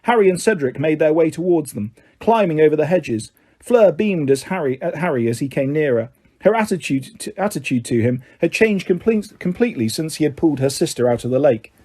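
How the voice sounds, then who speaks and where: A man reading a novel aloud as an audiobook narrator, in steady, measured storytelling. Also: fairly high pitch. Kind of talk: scripted narration.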